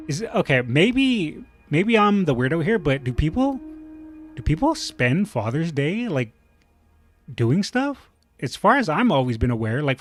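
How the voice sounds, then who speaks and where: A man streaming, reading online posts aloud and reacting with opinionated, rambling commentary full of fillers and restarts. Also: mid-range voice.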